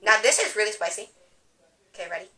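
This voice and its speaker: A woman's voice: medium pitch, lively intonation, quick pace, pushed and bright. A teenage girl vlogger chatting casually through a food challenge, giggly and dramatic. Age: teens. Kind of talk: casual chat. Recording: slightly distant mic with faint noise.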